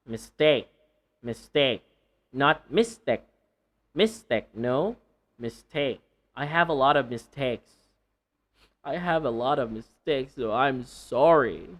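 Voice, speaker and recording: Slow, playful English pronunciation teacher. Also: male voice, medium pitch. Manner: slow deliberate repetition of words, playful and laughing. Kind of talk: pronunciation lesson.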